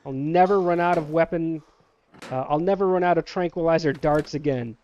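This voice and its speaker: A man's voice: a little high, normal speed, a little mellow, smooth, muffled recording. Playful man scolding game characters. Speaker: gameplay streamer. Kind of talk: casual let's-play commentary.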